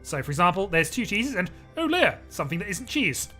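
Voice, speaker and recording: A man hosting a casual online board game, briskly explaining the rules to his friends. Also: high voice, big pitch swings, sharp tone, soft background music. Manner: brisk, chatty rule explaining.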